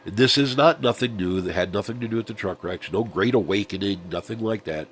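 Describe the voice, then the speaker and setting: A man's voice: on the low side, a little fast, husky. A middle-aged man, rambling through a casual vlog monologue with many ums and restarts. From Southern United States. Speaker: vlogger.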